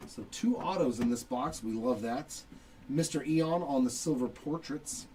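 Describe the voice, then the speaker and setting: A chatty middle-aged man jokes his way through a live card break, naming each card as he pulls it. His mellow, mid-range voice runs a little slow, and the audio is rough, with a distant, somewhat off-mic placement and faint background noise.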